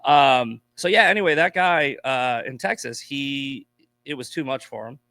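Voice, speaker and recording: A man's voice: mid-range voice, measured pace, bright, forceful tone, dry recording. A man from Boston, a podcast guest, telling stories in blunt, profane casual chat. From Boston, USA.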